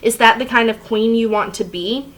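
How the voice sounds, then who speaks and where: A woman's voice: a little high, moderate pace, fairly bright tone, lightly acted. A strict, scolding father who lectures his teenage daughter about how she dresses and walks, voiced plainly by a woman reading a novel aloud. His words are firm but stay close to an everyday reading voice. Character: stern angry immigrant father, lecturing.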